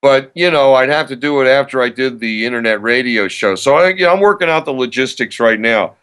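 A man's voice: medium pitch, animated, a little fast, a bit bright, clear, resonant tone. An older man, an author and radio host, talking casually and eagerly in a podcast interview, with frequent restarts. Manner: chatty, self-promoting, frequent restarts.

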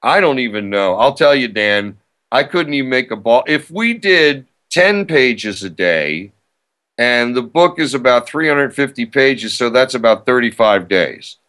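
A man's voice: mid-range voice, lively intonation, measured pace, a bit bright. An older man, an author and radio host, talking casually and eagerly in a podcast interview, with frequent restarts. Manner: chatty, self-promoting, frequent restarts.

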